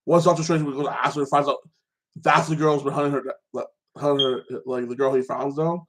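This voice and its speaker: Rambling, excitable man with a higher voice. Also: fairly quick. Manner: rambling, excitable retelling with constant fillers. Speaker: podcast host. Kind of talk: casual movie recap chat.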